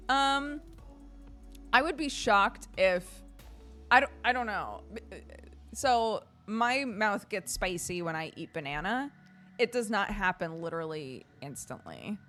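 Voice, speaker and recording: A woman streamer chatting casually with her viewers, telling stories in an animated way with lots of laughter and fillers. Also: mid-range voice.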